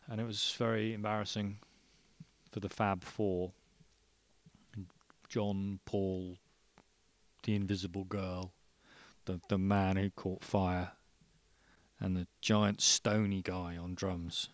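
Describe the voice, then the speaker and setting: A man doing a stand-up comedy set in a studio, telling rambling absurd jokes in a deadpan manner. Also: sits low, slow, pauses often.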